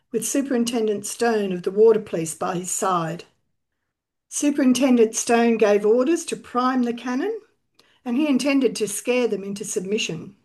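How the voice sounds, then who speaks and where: A woman's voice: fairly high pitch, darkish tone. A woman telling a historical sea story in conversation, now and then briefly voicing the people she quotes. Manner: recounts events, briefly voicing quoted figures. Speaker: storyteller guest.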